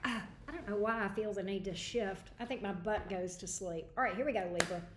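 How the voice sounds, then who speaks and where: A woman's voice: medium pitch, fairly quick, background noise. A woman hosting a livestream tarot reading, chatty and greeting viewers by name. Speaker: tarot reader. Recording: echoey room.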